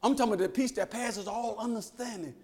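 A man preaching a folksy, animated sermon. He laughs often and swings between loud and hushed. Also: sits high, quick pace.

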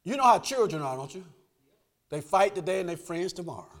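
Shouting, high-pitched preacher man. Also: sing-song, a little fast. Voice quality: swings from hushed to shouting, call-and-response. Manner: folksy, laughing asides, asks for amens. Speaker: pastor. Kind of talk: sermon.

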